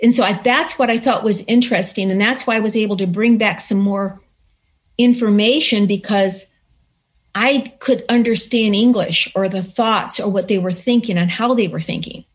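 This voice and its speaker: A woman guest recounting a personal story in conversation, earnest and animated, acting out the voices of people in it. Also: mid-range voice, normal speed. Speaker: interview guest.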